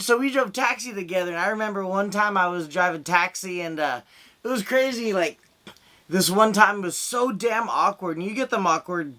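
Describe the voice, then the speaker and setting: Over a video call, a young stand-up comedian rambles through crude stories. His voice sits high and has a sharp edge.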